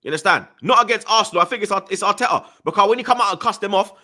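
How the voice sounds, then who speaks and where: A man's voice: high voice, racing, pushed and bright. A young man with a London multicultural accent, hosting a heated football chat, ranting with heavy slang and stuttering when angry. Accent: London multicultural English. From Jamaican heritage, London. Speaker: football podcast host.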